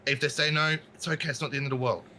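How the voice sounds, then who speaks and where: A man who is a podcast guest, telling a story in an animated, casual way with many restarts. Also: medium pitch, racing, slight background noise, rough recording.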